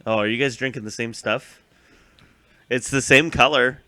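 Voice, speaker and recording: A man's voice: medium pitch, steady tone, moderate pace, bright, forceful tone, no room sound. A young man co-hosting a casual recap chat, rambling with lots of fillers and acting out scenes. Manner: rambling, filler-heavy, acts out scenes in funny voices. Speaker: podcast co-host.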